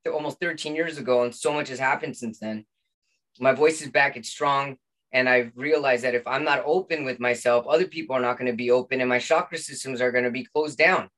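A man's voice: mid-range voice, fairly bright tone. A middle-aged man, a podcast guest, telling his personal story in an earnest, heartfelt way, restarting his phrases often.

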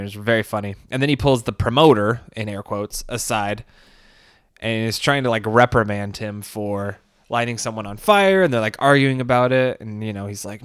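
A man's voice: on the low side, a little fast, a bit bright, smooth, no room sound, studio quality. A man casually recapping a documentary, rambling with fillers, restarts and laughs. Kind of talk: casual commentary.

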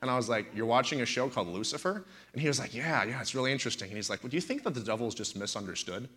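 A man's voice: medium pitch, animated, very fast, a crowd in the background. A man in his thirties, a pastor preaching in a talk-show setting, telling stories animatedly and with indignant emphasis.

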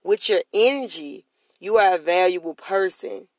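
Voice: medium pitch, moderate pace, no room sound. A podcast host giving a motivational talk in a preachy way, repeating phrases and calling on listeners to answer back. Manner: preachy, repetitive call-and-response.

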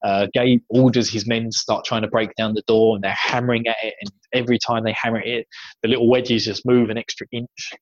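A man's voice: medium pitch, level tone, a little fast, highs cut off, a little hiss or hum. An English man co-hosting a podcast, chatting casually through a book recap, laughing often and slipping into voices for the scenes. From England. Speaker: podcast co-host.

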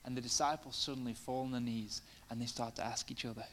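A man's voice: medium pitch, fairly even intonation, quick pace, a bit bright, a little hiss or hum. Male preacher, casual and chatty in his sermon, swelling into fervent emphasis. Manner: conversational, many fillers, rising to passionate emphasis.

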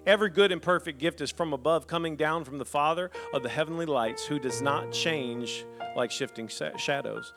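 A man preaching a lively sermon in a church. He reads scripture aloud and breaks into humorous asides to the congregation. A faint instrument plays softly behind him. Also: a little high, moderate pace, hardly any pauses, over music. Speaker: pastor.

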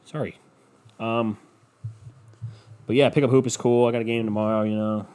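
A man's voice: on the low side, little pitch movement, brisk, a little mellow, clean tone. A young man hosting a solo podcast at home, rambling and swearing in a sarcastic, scatterbrained way. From Cleveland. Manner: scatterbrained, profane, sarcastic ranting. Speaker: podcast host. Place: home room with windows open.

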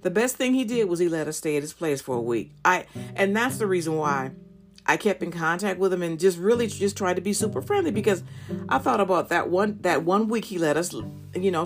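A candid middle-aged woman talks straight to her listeners on her podcast, sharing dating advice in a lower, fuller voice. Her delivery is animated and frank. Soft guitar music plays behind her. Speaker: podcast host. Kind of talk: personal storytelling and dating advice.

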